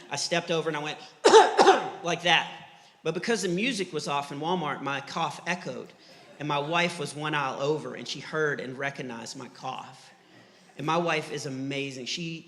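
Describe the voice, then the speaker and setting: A middle-aged man from Texas doing clean stand-up, an animated storyteller who acts out the voices in his stories. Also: a little high. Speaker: stand-up comedian. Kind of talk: clean stand-up comedy with faith message. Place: church hall before a live audience. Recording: live church hall reverb.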